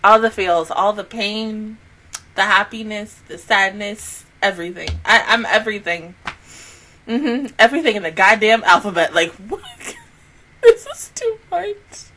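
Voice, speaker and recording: A woman's voice: mid-range voice, moderate pace, sharp tone, slight background noise. A young woman hosting an anime reaction vlog, gushing and exclamatory, cursing freely and swinging between laughs and near tears. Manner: casual, swears freely. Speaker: anime reaction channel host.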